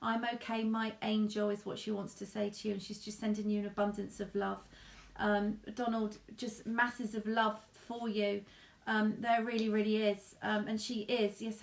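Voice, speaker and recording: A woman medium giving a live reading, speaking softly and haltingly and calling the listener darling and sweetheart. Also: medium pitch, gravelly, roomy sound. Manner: soft, halting, addresses sitter with endearments.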